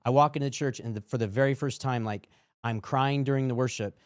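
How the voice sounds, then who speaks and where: A man's voice: medium pitch, fairly even intonation, fast talker, dry recording, clean studio sound. A middle-aged man, a podcast guest, telling his faith testimony in earnest casual chat and acting out quoted dialogue.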